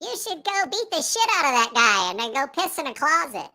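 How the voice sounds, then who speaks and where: A man on a livestream talking through a pitch-shifting voice changer that makes him sound like a giggly, mischievous child. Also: big pitch swings, a little fast, gravelly, pushed and bright, exaggerated voice. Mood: impish. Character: high child's voice of impish dark thoughts. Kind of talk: livestream chat.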